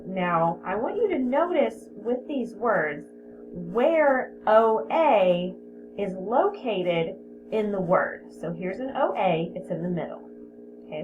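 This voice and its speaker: A woman teaching a spelling lesson to young children, patient, sounding out words and repeating them. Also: fairly low pitch. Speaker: elementary school teacher. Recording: tinny phone-like audio with steady background hiss.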